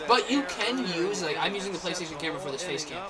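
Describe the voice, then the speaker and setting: Man, gaming host, rambling and excitable, high lively voice, fast talker, distant headset mic, crowd noise behind. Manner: rambling, excitable, talks to viewers as guys. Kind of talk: casual let's-play chatter. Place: his room. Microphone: cheap gaming headset.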